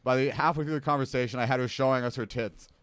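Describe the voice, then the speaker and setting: A man's voice: medium pitch, steady tone, quick pace, fairly bright tone, no room sound. A young man telling a long story in a casual podcast chat, rambling and breaking into laughs. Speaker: podcast guest telling stories.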